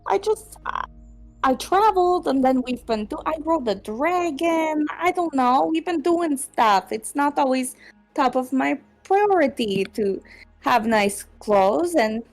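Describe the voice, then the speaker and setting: A woman's voice: high-pitched, animated, slow, gravelly, soft background music, full character voice. A woman playing a flustered, touchy young adventurer. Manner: flustered and defensive.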